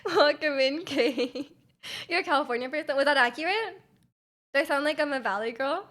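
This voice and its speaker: A woman's voice: high-pitched, normal speed, fairly bright tone. A young Canadian woman streaming live, chatting casually with her viewers, giggling and rambling with many restarts.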